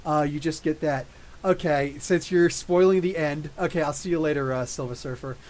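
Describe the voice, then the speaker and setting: A man hosting a casual live-stream movie review, excitable and rambling, with many restarts and fillers, answering chat comments as he goes. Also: a little high, moderate pace. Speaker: YouTube comics channel host.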